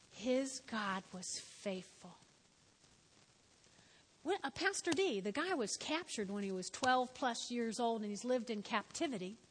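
A woman preaching a sermon, telling the story with lively, animated delivery. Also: on the high side, in a large hall, low-quality recording. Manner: animated storytelling, shouts in acted quotes.

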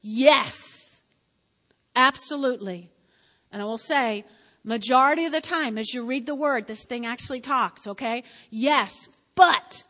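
Lady pastor preaching, high bright voice, lots of repeating and swinging loud to soft, big churchy reverb. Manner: emphatic and repetitive, addressing the congregation directly; animated, with sudden swings between loud and quiet. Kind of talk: sermon. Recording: long reverb of a church hall.

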